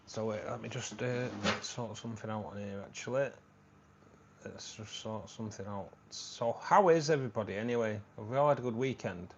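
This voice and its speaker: A man's voice: lowish voice, a little fast, slight background noise. A man with a Manchester accent hosting a casual live stream, rambling, repeating himself and calling everyone "mate". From Manchester, England. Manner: rambling, repeats phrases, says "mate" a lot. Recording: dull lo-fi stream audio.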